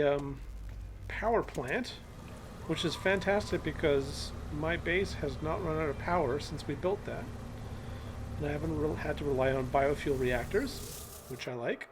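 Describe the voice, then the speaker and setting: A man's voice: a little high, lively intonation, measured pace, background noise. A man hosting a live game stream, chatting casually and cooing at in-game animals as he plays.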